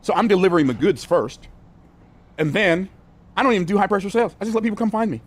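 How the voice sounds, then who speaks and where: An older man teaching business sales from a whiteboard, energetic and conversational, repeating phrases for emphasis and using casual words like y'all and ain't. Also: high voice, quick pace. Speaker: business coach.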